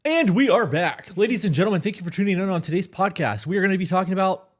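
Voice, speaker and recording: A man putting on the voice of a grand 1940s radio announcer, loud and drawn out. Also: animated. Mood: grandiose. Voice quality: loud, high, drawn-out delivery.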